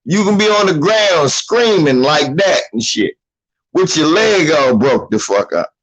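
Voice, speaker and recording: Animated man in profane commentary. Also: fairly high pitch, measured pace, rough recording. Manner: animated, laughing, mimics voices. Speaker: commentator reacting to a video.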